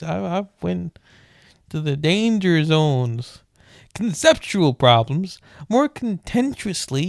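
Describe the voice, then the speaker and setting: A man's voice: fairly high pitch, darkish tone, no echo, clean studio sound. A man casually reading a book aloud late at night, often stumbling over words and breaking off into joking rants.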